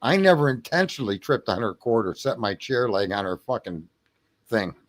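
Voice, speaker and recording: A man talks into his home streaming mic in the small hours. His speech is loose and profane, broken up by laughter and throat clearing. His pitch sits in the ordinary middle range. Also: very animated, moderate pace. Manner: rambling, self-mocking, lots of throat clearing. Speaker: livestream host. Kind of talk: late-night livestream chat.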